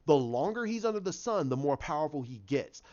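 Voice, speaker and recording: A man's voice: fairly high pitch, fairly quick. Ranting man reviewing a show, lo-fi. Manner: animated, mimics characters, swears. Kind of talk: casual review rant.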